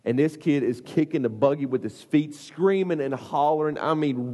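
Man, youth preacher, slightly high and husky, animated and funny, long hall reverb. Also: brisk, few pauses. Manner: animated, comic storytelling with lots of fillers. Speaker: youth pastor. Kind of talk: storytelling sermon.

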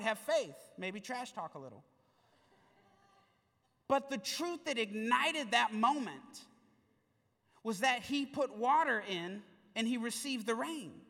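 A pastor delivers a sermon to his congregation, his high voice filling a large church hall. He tells the story in a lively, playful way, and the bright sound trails off in a long echo.

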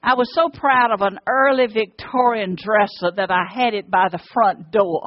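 A woman with an Alabama accent telling an earnest personal testimony, with long pauses. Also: medium pitch, no room sound. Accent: Southern US, Alabama. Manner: earnest storytelling, drawn-out pauses, fervent pleading in prayer. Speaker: speaker sharing a personal testimony. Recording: dull, lo-fi, dry recording.

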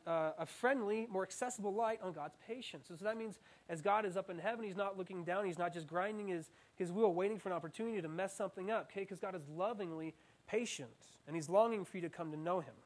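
A young man preaching an interactive sermon, animated and playful, with self-mocking asides. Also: high voice, fast talker. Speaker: student preacher.

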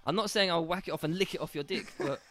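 A man's voice: sits high, fast, fairly bright tone. Young man, laughing through crude banter. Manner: laughing, rambling storyteller. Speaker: podcast co-host.

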